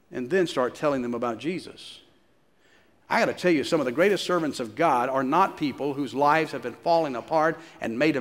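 Man preaching in a reverberant hall. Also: medium pitch. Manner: storytelling preacher, repeats phrases for emphasis. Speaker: pastor. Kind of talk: sermon.

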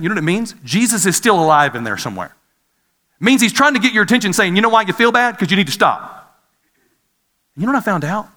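Bright-voiced preacher in a reverberant hall. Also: male voice, high voice. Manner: conversational, asks the audience questions. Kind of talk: sermon with personal story.

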